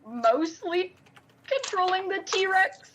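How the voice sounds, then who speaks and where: A woman's voice: very high voice, sing-song, takes it slowly, fairly bright tone, a little hiss or hum, rough recording. A woman at a tabletop game, working methodically through the dice results. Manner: methodical, works through the numbers. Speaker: player. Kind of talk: casual game chat.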